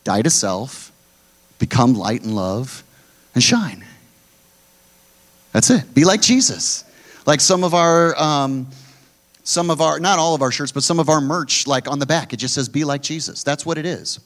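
Middle-aged man, pastor, sermon delivery, forceful emphasis with quiet low drops. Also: animated, a little slow, long pauses. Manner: emphatic preaching, swinging between loud high pushes and low quiet drops.

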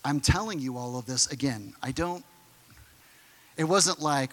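A pastor preaching a sermon emphatically, moving from excited bursts to hushed, quiet lines. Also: male voice, medium pitch, unhurried, pauses often, big-room sound.

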